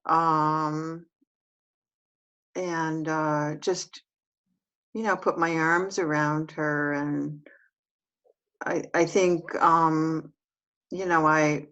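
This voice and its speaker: Halting, soft-spoken low-voiced woman. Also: little pitch movement, muffled recording. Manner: hesitant and halting, with many restarts. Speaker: client in a guided self-inquiry session. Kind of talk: reflective one-on-one session talk.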